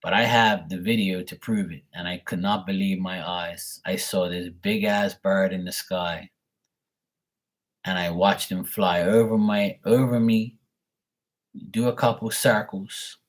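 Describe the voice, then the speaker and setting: A man's voice: low voice, fairly even intonation, a little slow. A man, hosting a live tarot stream, telling a rambling, profane story and answering his viewers. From Bermuda. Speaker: tarot reader livestream host. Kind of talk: casual livestream chat.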